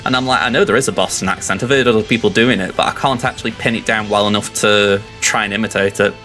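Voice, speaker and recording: A man's voice: lowish voice, steady tone, quick pace, sharp tone, soft background music. An English man hosting a game stream, chatting in a rambling, self-deprecating way. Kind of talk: casual live-stream chat.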